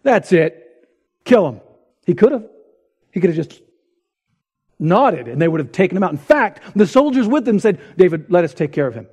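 A man preaching a sermon as pastor, retelling stories dramatically and dropping to hushed intensity. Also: high voice, big pitch swings, brisk, breathy edge.

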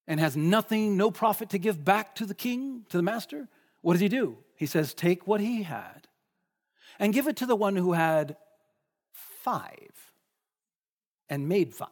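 A man's voice: high voice, darkish tone. A man preaching a sermon in a conversational way, often asking the listeners questions. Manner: conversational, asks the congregation questions.

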